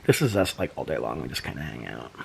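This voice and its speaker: A man's voice: big pitch swings, fast talker, creaky, slight background noise. A man vlogging at home in a casual, rambling chat full of fillers, cooing to his pet between stories. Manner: chatty, rambling with many fillers; coos to his pet in high baby talk.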